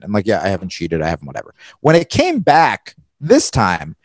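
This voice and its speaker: A man's voice: mid-range voice, very animated, a little fast, hardly any pauses, no room sound. A young man in candid casual conversation as a podcast guest, rambling and swearing, often restarting his sentences.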